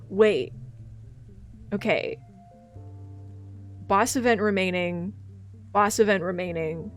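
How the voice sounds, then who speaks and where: A woman's voice: mid-range voice, lively intonation, takes it slowly, long pauses, faint music behind. A woman streaming a video game, chatting casually, swearing often and reading the game's text aloud. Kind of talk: casual live-stream chat while playing.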